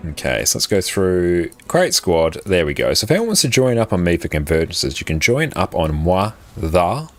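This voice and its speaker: A man's voice: low voice, big pitch swings, moderate pace, hardly any pauses, soft background music. An Australian man chatting casually on a live game stream, upbeat and laughing easily as he thanks viewers. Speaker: livestream gamer.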